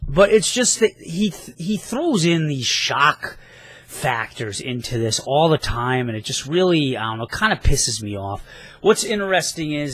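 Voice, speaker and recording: A man's voice: mid-range voice, a bit bright, no room sound. Casual rambling man reviewing comics. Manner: enthusiastic, rambling, casual swearing. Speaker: comic book vlogger.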